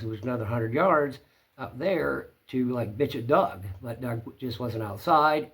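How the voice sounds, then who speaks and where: A man telling a story to his viewers in a plainspoken, rambling way. His pitch sits in the ordinary middle range for a man. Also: gravelly. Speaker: channel host. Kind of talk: casual storytelling to camera.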